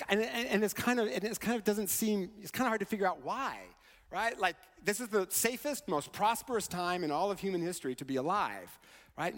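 Pastor, male, high and expressive, chatty sermon delivery peppered with "right?", recorded in a reverberant hall. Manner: conversational, keeps asking "right?".

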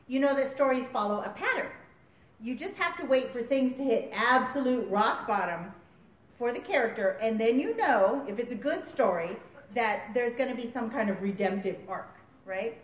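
Animated woman preaching in a roomy hall. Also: on the high side, moderate pace. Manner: animated, laughing, acting out quotes. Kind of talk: sermon. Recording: roomy, distant, dull recording.

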